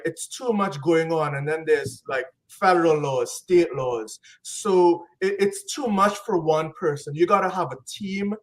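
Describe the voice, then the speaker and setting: A man as a podcast guest, talking in an upbeat, casual way full of catchphrases and slang. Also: a little high. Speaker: guest, business consultant. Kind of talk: casual interview chat.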